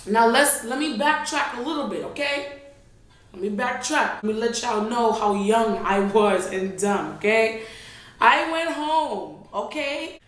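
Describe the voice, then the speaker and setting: A young woman, telling an animated, slangy storytime vlog straight to her viewers. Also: on the high side, measured pace. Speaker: vlogger. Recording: very echoey room.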